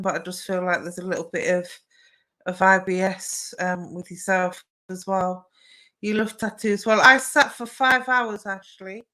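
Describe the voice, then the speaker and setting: Bright-voiced woman chatting on a live stream. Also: mid-range voice, poor audio. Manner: chatty, warm replies to viewer comments with frequent fillers. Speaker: psychic medium and live stream co-host. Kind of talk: casual live stream chat and readings.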